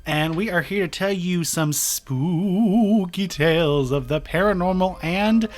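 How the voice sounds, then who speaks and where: A man's voice: high-pitched, unhurried. A young man co-hosting a casual podcast, playful and giggly, sometimes stretching words out. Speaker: podcast co-host. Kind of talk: casual chat.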